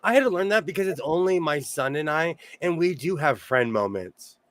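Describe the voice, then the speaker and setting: A man hosting a casual sewing-circle chat, telling animated stories and laughing often. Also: a little high, normal speed. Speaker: host of a sewing show; single father.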